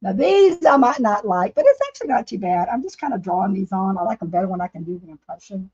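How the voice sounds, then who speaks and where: On a laid-back craft livestream from her home, a woman paints while chatting and laughing with viewers. She talks fast with lively intonation, her medium-pitched voice a little mellow with a breathy edge. The recording is dull lo-fi stream audio.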